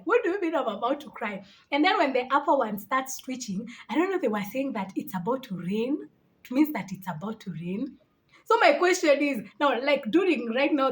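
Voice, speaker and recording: A woman in her late twenties telling stories to camera in a casual vlog, animated and quick to laugh in disbelief. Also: sits high. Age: 20s. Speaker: vlogger.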